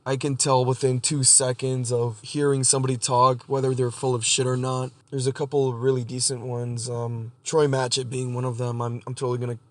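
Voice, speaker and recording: A man hosting a solo podcast monologue, blunt and profane, halting and restarting as he talks. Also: medium pitch, level tone, no room sound. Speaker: podcast host.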